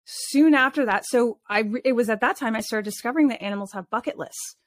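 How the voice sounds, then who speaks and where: Brief: expressive woman guest, higher voice, dry close sound, chatty storytelling with restarts. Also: quick pace, dry recording. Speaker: animal communicator guest. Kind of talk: casual storytelling interview.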